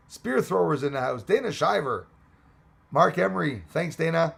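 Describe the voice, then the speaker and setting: A man chatting loosely on a livestream, his slightly high voice heavily gravelly and husky. He is losing his voice, so it sounds strained and rough. He rambles and drops in bits of French and Spanish. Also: animated, moderate pace, fairly bright tone. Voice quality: gravelly, hoarse voice. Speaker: livestream host reading chat. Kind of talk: casual live chat.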